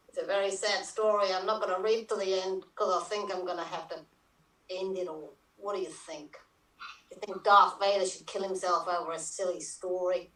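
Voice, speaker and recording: A woman's voice: medium pitch, sharp tone, lightly acted. A woman with an Australian accent playing Darth Vader as a casual dad reading an improvised comedy bedtime story, joking and chuckling. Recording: roomy and distant from the mic.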